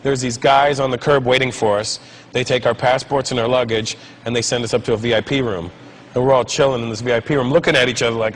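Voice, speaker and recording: Animated man telling a comic story. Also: mid-range voice, quick pace, slight background noise, poor audio. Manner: animated, acts out the other people's lines in the story. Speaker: stand-up comedian.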